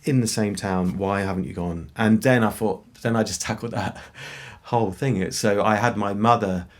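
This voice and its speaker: A middle-aged man, a songwriter, talking in a casual podcast conversation, reflective and halting, with frequent restarts as he gathers his thoughts. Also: lowish voice, steady tone. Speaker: songwriter guest.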